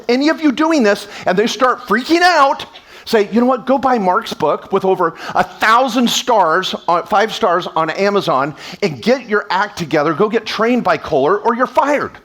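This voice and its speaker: A man speaking as a tax attorney at a live event, energetic and sarcastic, slipping into quoted voices, on a stage microphone. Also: sits high, moderate pace. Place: event stage before an audience.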